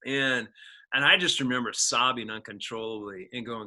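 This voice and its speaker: A man in his forties, a guest actor, telling his life story in a casual interview, earnest and animated with frequent laughs and restarts. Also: mid-range voice, moderate pace, poor audio. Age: 40s.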